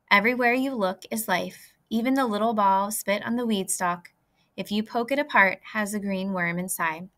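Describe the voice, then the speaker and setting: A woman reading a children's book aloud in a clear, lively way. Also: medium pitch. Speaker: reader. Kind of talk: storybook read-aloud.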